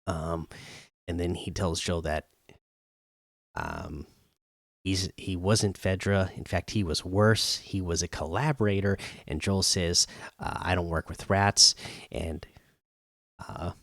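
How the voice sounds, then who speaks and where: A man's voice: sits low, slow pace, creaky, long pauses, dry recording, clean studio sound. A man hosting a show, casually recapping a TV episode with lots of ums and uhs and the odd chuckle. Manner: frequent ums and uhs, chuckles while retelling. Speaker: show host reviewing a TV episode.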